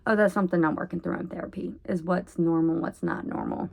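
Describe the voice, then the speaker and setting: A woman rambling in a casual vlog monologue at home, oversharing and jumping between topics with sudden loud bursts. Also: lowish voice, fairly even intonation, fast talker, creaky, slightly rough. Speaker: vlogger.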